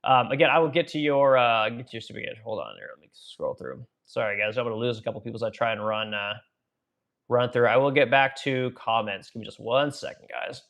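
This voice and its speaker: A man's voice: mid-range voice, brisk, fairly bright tone. A man hosting a live stream, ranting bluntly and profanely about the economy and reading viewer comments, with rambling asides to his audience. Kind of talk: casual political rant on a live stream.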